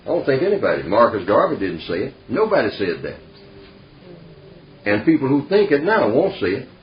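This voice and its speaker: A man's voice: mid-range voice, big pitch swings, a little fast. Emphatic man in an echoey room. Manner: emphatic, folksy speech with frequent "see" and "you know". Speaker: discussion leader. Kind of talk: informal group discussion. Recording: echoey room, dull lo-fi sound.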